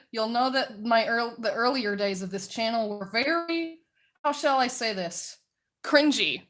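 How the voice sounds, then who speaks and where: A woman streamer chatting casually while she draws, naturally loud, chatty and self-mocking, laughing often. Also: on the high side.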